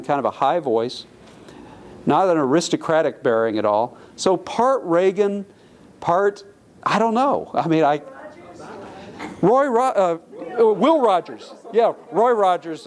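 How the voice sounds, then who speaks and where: Brief: middle-aged male lecturer, slightly higher voice, relaxed anecdotal delivery with self-corrections. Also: a little slow, a little hiss or hum. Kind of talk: public lecture. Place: lecture hall.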